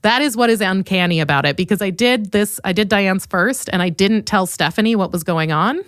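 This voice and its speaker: Animated woman podcast host, dry sound. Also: fairly quick, clean tone, no echo. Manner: animated storytelling, quoting others with big pitch jumps; laughs often. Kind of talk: casual podcast chat.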